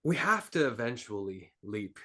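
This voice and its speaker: A man's voice: medium pitch, very animated, moderate pace, bright, forceful tone, breathy edge. A man speaking as an entrepreneur guest on a podcast, earnest and rambling, with lots of filler words. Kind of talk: casual interview talk.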